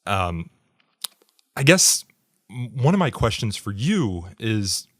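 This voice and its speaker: A man hosting a podcast, asking long, measured questions with frequent fillers. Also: fairly low pitch, sing-song, fairly bright tone, dry recording, clean studio sound. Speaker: podcast host. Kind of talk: interview questions.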